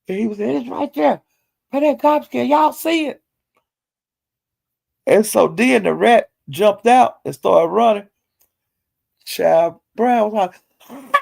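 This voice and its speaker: A man casually recapping a livestream as a story, animated and laughing often as he talks. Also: sits high, creaky. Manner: animated, laughs often, loose slangy talk.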